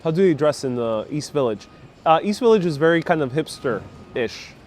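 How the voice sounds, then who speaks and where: A man's voice: fairly high pitch, expressive, normal speed, darkish tone. A man hosting a casual live stream as he walks city streets, chatting upbeat and laughing often, on a clip-on mic with faint traffic behind. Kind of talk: casual live-stream chat reading viewer comments. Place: outdoors on busy city streets. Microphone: wireless clip-on mic with phone on gimbal.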